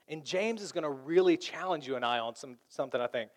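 A man pastor preaching a lively sermon, acting out the voices of arguing people. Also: on the high side, quick pace.

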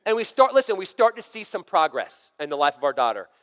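Thirties male pastor, chatty and animated storyteller, slightly high voice, echoing sanctuary. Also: fast talker. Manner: conversational, storytelling, energetic. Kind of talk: sermon. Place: church sanctuary. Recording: long hall reverb.

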